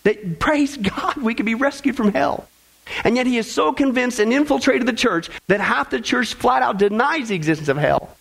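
A man's voice: extremely high pitch, expressive, moderate pace, creaky, a bit bright, low-quality recording. A man preaching a sermon with emphatic, repeated phrases, speaking directly to the congregation.

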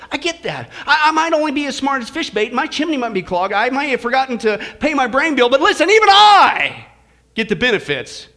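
A man preaching a sermon in church, folksy and joking, swinging from quiet asides to loud exclamations. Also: very high voice. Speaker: pastor.

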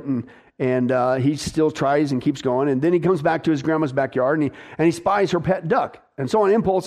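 A man preaching a sermon, emphatic and exhorting, urging his listeners on and dropping low for weight. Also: a little mellow.

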